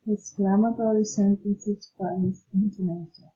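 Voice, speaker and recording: A woman reading pronunciation drills aloud, one word or sentence at a time, slowly and carefully. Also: mid-range voice, steady tone, husky, highs cut off. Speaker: learner practicing English pronunciation.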